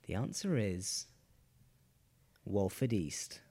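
Woman, low voice, lively swooping pitch, playful podcast banter, dry close sound. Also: slow pace, slightly rough, dry recording. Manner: stumbling, giggly answers. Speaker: podcast co-host.

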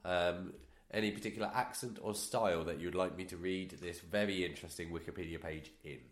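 A man's voice: low voice, steady tone, brisk. Give me a jokey man co-hosting a podcast, recorded in an echoey room. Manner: jokey, playful, prone to bits and countdown noises. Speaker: podcast co-host. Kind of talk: casual comedic chat.

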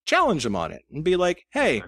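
A man's voice: a little high, animated, brisk, fairly bright tone, dry recording, studio quality. A man, a guest author, chatting casually about his publishing business and acting out his emails in quoted voices. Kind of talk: casual chat.

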